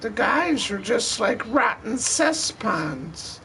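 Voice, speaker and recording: A sneering spirit that creeps into sleepers' dreams, as a man puts it on in a livestream rant. The voice jumps far above his own into a thin, strange, sing-song register. It drags slowly and teases. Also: sing-song, creaky, a crowd in the background, exaggerated voice. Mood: taunting. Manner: high, sing-song taunting.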